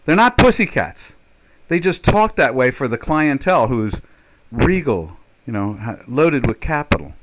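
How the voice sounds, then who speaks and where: A man's voice: mid-range voice, sing-song, measured pace, noisy background. An older man chatting casually as a trader on a live stream, rambling and joking, with many fillers and restarts. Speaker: trader hosting a live chat.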